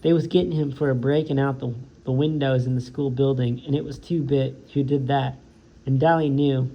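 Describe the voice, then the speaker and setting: A man voicing a scared, gentle teenage boy from a gang in a read-aloud novel, with a plain delivery and small slips. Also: mid-range voice, steady tone, moderate pace, close to an everyday voice. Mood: admiring. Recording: dull lo-fi sound with faint background noise.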